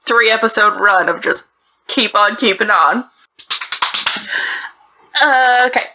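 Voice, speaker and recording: Her voice is a little high and bright, with a forceful edge, and she speaks at a slow pace. She's a northeastern American woman hosting a podcast, telling a true-crime story casually and chattily with laughing asides, recorded in a small bedroom that feels like a closet.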